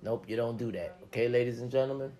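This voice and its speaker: A man's voice: medium pitch, steady tone, fast talker, dark tone. A man giving a casual, profane pep talk to listeners, swearing freely and acting out grumbling inner voices. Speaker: motivational talker.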